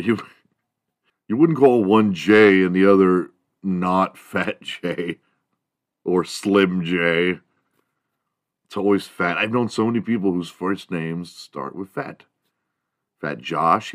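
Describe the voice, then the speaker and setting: A man's voice: no room sound, studio quality. A man hosting a solo morning podcast, riffing in a rambling, profane, comedic monologue and laughing at his own jokes. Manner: mimics other people in high squeaky voices. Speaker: podcast host.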